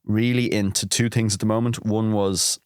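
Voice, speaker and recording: An Irish man hosts a laid-back food podcast with a fairly low voice. He teases his guest in an easygoing way and asks curious questions. The sound is dry and close, with no room echo. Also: flat delivery, moderate pace, clear, resonant tone. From Ireland. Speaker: podcast host and chef. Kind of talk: casual food podcast chat.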